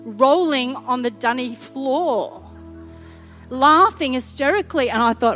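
A middle-aged woman preaches in a high voice, telling a lively, funny story and acting out each quote. Faint music plays underneath her. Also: unhurried. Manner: lively, humorous, acts out quotes. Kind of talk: sermon storytelling.

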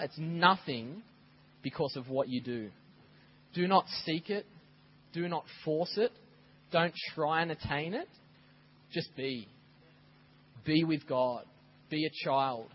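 A man preaching a sermon as a pastor, telling stories in a lively way and acting out scenes. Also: fairly high pitch, highs cut off. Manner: animated storytelling, acts out scenes. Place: church.

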